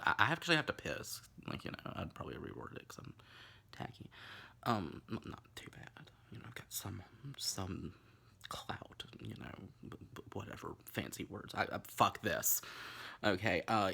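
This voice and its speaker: A man's voice: sits low, expressive, normal speed, gravelly, sharp tone, slightly rough. A man from Tennessee, hosting a camp, rambling, crude comic drinking-game video from his bedroom. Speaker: vlog host. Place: bedroom at home.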